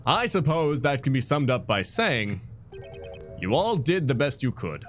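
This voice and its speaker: A male game streamer reading the characters' lines and joking in between, his pitch leaping all over the place. He speaks at a middle pitch, with faint game music underneath. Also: big pitch swings, a little slow. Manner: playful, swings between dialogue and banter. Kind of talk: live let's-play commentary and reading dialogue.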